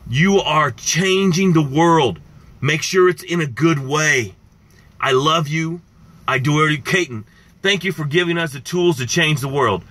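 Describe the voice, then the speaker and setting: A man speaking as a success coach, with a bright, forceful tone and a slightly high voice. He talks with passion and speaks straight to his viewers, driving his points home again and again. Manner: impassioned, repetitive, addresses viewers directly. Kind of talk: motivational live-stream talk.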